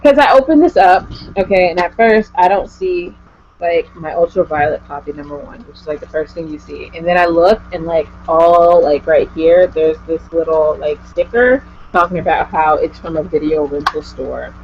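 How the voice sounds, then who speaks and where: A woman's voice: deep voice, moderate pace, darkish tone, slight background noise. A woman vlogger chatting casually with a guest, gushing and rambling with lots of "like". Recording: dull lo-fi home recording.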